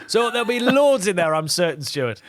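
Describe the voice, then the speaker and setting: High-pitched guy gabbing on radio about his impressions, really lively, dry mic. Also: normal speed, no echo. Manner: animated, jumps between voices. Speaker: impressionist comedian guest. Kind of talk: casual radio interview chat.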